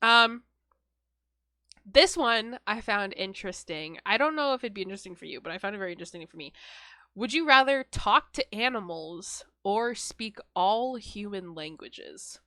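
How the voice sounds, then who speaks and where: A woman's voice: medium pitch, expressive, normal speed, bright, forceful tone, no room sound, clean studio sound. A young woman co-hosting a podcast, chatting casually and animatedly, laughing often as she talks. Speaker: podcast co-host. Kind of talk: casual chat.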